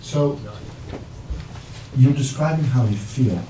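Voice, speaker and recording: A man's voice: mid-range voice, expressive, slow, mellow. A man presenting a parenting workshop, talking with his audience and acting out the lines of parents and children. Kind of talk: interactive workshop talk. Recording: echoey room, mic at a distance, background noise.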